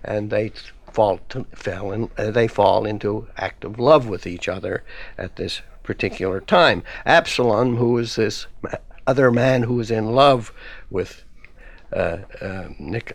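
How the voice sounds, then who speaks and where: A man with a gravelly, creaky voice talks as a guest scholar in a radio discussion. He halts often, with many fillers and restarts. The studio sound is dry and close. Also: fairly low pitch, no room sound. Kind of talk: academic discussion.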